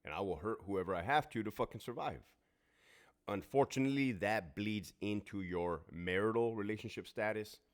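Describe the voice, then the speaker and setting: A middle-aged man with a somewhat low voice talks in a casual, unscripted monologue. He is blunt and emphatic, with constant profanity, like a former guard telling it straight. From Southern California. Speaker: former prison guard and military veteran.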